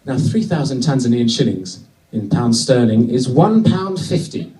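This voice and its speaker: A man from Britain doing a stand-up routine, telling a wry story with sudden excited bursts. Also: mid-range voice, moderate pace, recorded from a distance. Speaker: stand-up comedian. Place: comedy venue with a live audience. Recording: echoey venue, mic from afar.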